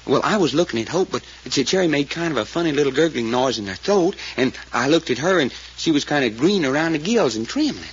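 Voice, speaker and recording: A man's voice: a little high, expressive, quick pace, few pauses, close to an everyday voice. An actor playing a folksy, plainspoken man in a 1940s radio drama, telling what he saw. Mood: earnest. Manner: drawling, hesitant, plainspoken storyteller. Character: folksy rural male witness called Doc. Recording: dull old radio recording, faint hiss.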